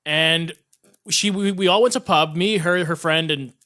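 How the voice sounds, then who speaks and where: A man's voice: fairly high pitch, a little slow, sharp tone. A young man, telling rambling stories on a casual podcast, laughing often and restarting his sentences. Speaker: guest, show producer.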